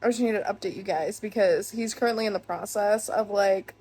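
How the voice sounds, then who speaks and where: A young woman excitedly recapping a book she is reading, gushing and saying "like" a lot. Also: medium pitch, a little fast, slightly rough. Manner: gushing, excitable, heavy use of "like". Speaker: book vlogger. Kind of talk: casual reading vlog recap.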